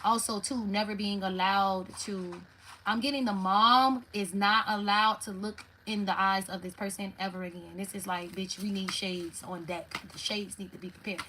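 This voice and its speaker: A woman giving a loose, unscripted tarot reading, swearing freely and talking straight to her viewers. Her voice sits at a middle pitch, and she jumps quickly from thought to thought with lots of feeling. A faint hiss of noise sits under the recording. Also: rough recording. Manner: blunt, profane, animated, talks to viewers directly. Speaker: tarot reader. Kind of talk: live tarot reading, casual monologue.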